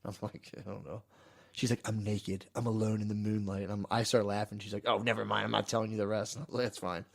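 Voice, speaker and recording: Fast talking guy on a podcast, just rambling through a date story, lots of "i was like". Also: on the low side, level tone, creaky. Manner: rambling, fast anecdotes full of quoted asides. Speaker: podcast co-host. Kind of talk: casual storytelling chat. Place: podcast studio.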